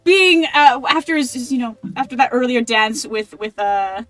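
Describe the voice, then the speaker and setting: A woman's voice: fairly high pitch, animated, moderate pace, fairly bright tone, faint music behind. A woman narrating a tabletop game as game master, rambling with many fillers.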